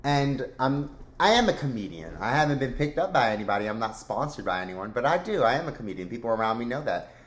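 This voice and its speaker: Chatty joking male vlog host, mid pitch, echoey room. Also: big pitch swings, quick pace, hardly any pauses. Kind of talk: casual commentary. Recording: roomy echo.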